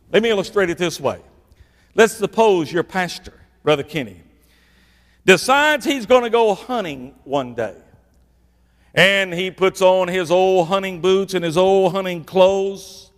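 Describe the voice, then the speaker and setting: A middle-aged man, preaching a sermon and swinging between loud bursts and hushed, low lines for emphasis. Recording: echoey hall reverb.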